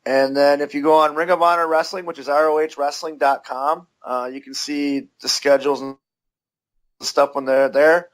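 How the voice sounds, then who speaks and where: A man's voice: fairly high pitch, steady tone, moderate pace. A man, a wrestler guest, answering interview questions casually with lots of fillers.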